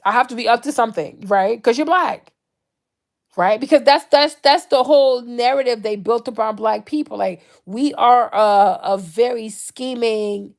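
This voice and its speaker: A woman vlogger from the Ivory Coast with a voice on the high side talks casually to camera, animated and often slipping into mocking impressions.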